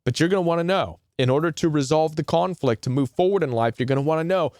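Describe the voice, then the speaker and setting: A man's voice: on the high side, quick pace, darkish tone, no room sound, clean studio sound. A man hosting a self-help talk on narcissistic abuse, explaining earnestly and repeating his points, now and then quoting imagined people. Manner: earnest, repetitive, quotes imagined people in short put-on asides. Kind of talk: casual talking-head explainer reading from a web browser.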